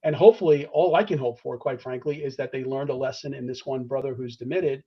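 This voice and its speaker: A man speaks as a podcast guest in an earnest, conversational tone, his voice sitting at a middling pitch. He restarts phrases often and keeps checking in with "all right?" The recording sounds slightly dull and lo-fi. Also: fast, breathy edge. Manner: many restarts, tags points with "all right?"; earnest, acts out phone calls in quotes. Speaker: guest discussing fraternity membership. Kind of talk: conversational interview answers.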